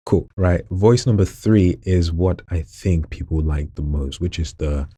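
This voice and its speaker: A man with a very deep, gravelly voice full of vocal fry, chatting casually and jokingly in a vlog while showing off voices at home late at night. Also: unhurried, hardly any pauses, no echo, studio quality. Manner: relaxed, chatty, jokey asides. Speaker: hobby voice actor.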